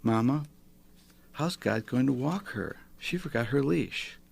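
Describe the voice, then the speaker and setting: Speaking at a measured pace with vocal fry and a little hiss or hum, this man has an expressive, medium-pitched voice. Reading a poem on the radio, he takes on the part of a small child who worriedly and curiously asks eager, plaintive questions about a lost dog.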